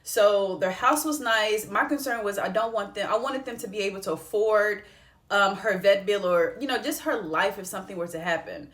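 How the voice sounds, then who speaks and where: A woman's voice: medium pitch, normal speed, a bit bright. A young woman vlogger telling a heartfelt personal story in a casual, conversational way, close to tears at times. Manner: tearful, heartfelt, conversational with slang. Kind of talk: emotional personal storytelling vlog.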